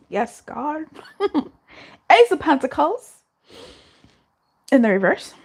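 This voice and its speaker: A woman's voice: high-pitched, very animated, slow pace, long pauses. A young woman doing a live tarot reading in a chatty, reassuring way, giggling and swearing now and then. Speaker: tarot reader.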